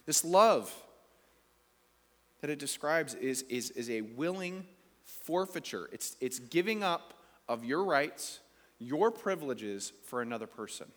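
Man, pastor, sermon, slightly high voice, playful, conversational, questions the congregation, long church reverb. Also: animated, a little slow, a bit bright.

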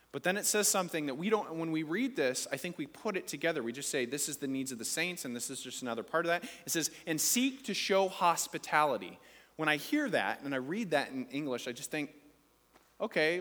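A man in his thirties delivers a sermon from the front of a church, leaning on repetition and punching his key phrases. His voice sits a little high for a man. The sound carries a long reverb from the hall around him. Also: fairly bright tone. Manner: emphatic, repetitive preaching with rising, punchy phrases. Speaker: pastor.

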